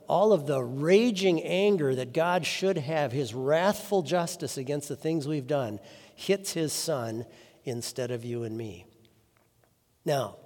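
A man's voice: mid-range voice, a little mellow. A man preaching a sermon as pastor, earnest and building to emphatic peaks. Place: church. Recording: reverberant church hall.

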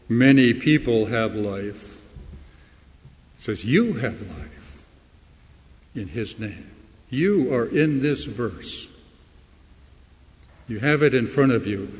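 A male pastor delivers a sermon in an unhurried, deliberate cadence, pressing hard on the words he wants to land. His mid-pitched voice carries a long reverb, as if it were filling a large hall. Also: a little mellow. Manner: slow, emphatic preaching with rising stress on key words.

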